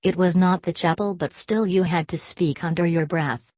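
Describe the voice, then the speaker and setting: A woman reading a classic novel aloud as an audiobook narrator, in a steady, even manner. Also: lowish voice, moderate pace, no echo. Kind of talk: scripted narration.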